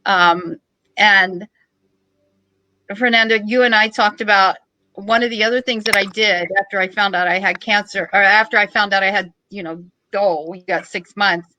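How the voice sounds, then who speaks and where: A middle-aged woman, a podcast guest, telling a story in a joking, lively way. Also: medium pitch, moderate pace, rough recording. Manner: joking, animated storytelling with laughs. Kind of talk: casual storytelling.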